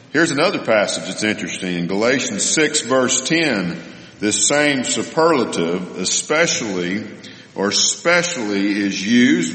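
A man teaching a Bible lesson and answering a question, thoughtful and explanatory, with many pauses and fillers. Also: mid-range voice, fairly bright tone. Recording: roomy hall with long reverb.

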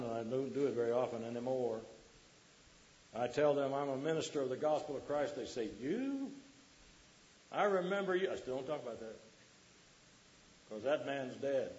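A man's voice: mid-range voice, dark tone, highs cut off, a little hiss or hum. A man preaching a sermon to a congregation, quoting scripture and putting questions to the listeners.

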